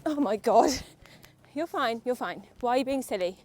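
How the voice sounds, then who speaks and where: A woman's voice: fairly high pitch, expressive, normal speed, darkish tone, slight background noise. A young woman vlogging while riding her horse, chatty and nervous, talking to the horse and her viewers. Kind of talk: casual chat while riding. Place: outdoor riding arena.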